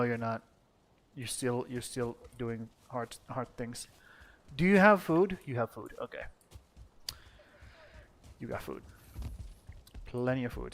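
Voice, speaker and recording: A young man from Finland giving casual gameplay commentary, swearing freely, joking and talking to his character. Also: medium pitch. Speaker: let's play gamer.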